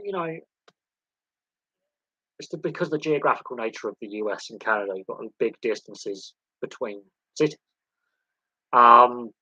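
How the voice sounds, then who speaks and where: A man's voice: medium pitch, bright, forceful tone, husky, dry recording, rough recording. A man hosting a casual sports livestream, rambling and opinionated as he jumps from one example to the next. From England.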